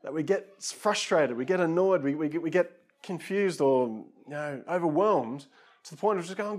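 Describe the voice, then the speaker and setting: A man's voice: on the high side, animated, normal speed, a little mellow. A man preaching a conversational sermon, casual and self-deprecating, with frequent asides to his listeners.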